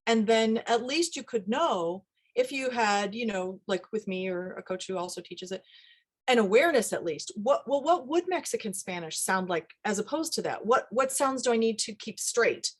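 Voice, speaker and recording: A middle-aged woman, a dialect coach, talking casually in an interview with lively asides. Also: a little high. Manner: animated, quick asides, laughs often.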